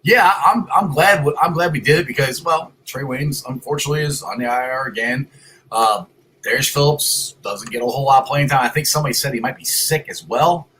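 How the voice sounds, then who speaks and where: A man hosting a casual sports talk show from a home computer, loud and excitable, rambling with restarts. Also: medium pitch, brisk, a little hiss or hum, poor audio. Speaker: podcast host. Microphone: computer mic.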